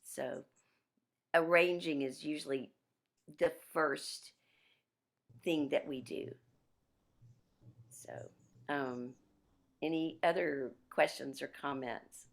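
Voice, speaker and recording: A woman piano teacher giving a workshop over a video call, chatty and animated, with restarts. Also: low-pitched, slow, creaky, long pauses.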